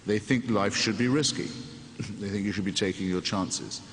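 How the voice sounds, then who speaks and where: A man's voice: fairly low pitch, moderate pace. A man, a sardonic guest talking on stage in a wry, digressive way. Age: 60s. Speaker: interview guest. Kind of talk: onstage conversation before an audience. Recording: echoey hall, faint room noise.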